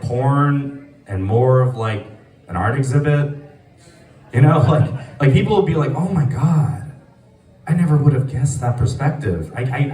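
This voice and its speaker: A man's voice: mid-range voice, a little mellow. A man doing a live stand-up set in a small venue, rambling with lots of fillers and laughing at his own jokes. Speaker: stand-up comedian. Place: small comedy venue, sparse audience. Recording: echoey room, mic from a distance.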